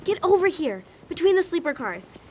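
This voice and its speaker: A woman's voice: very high-pitched, big pitch swings, normal speed, a little mellow, a little hiss or hum. A woman voicing a sensible, worried young girl who looks after her little brother in an audio drama. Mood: urgent. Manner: worried, urgent. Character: anxious, sensible older sister, a young girl.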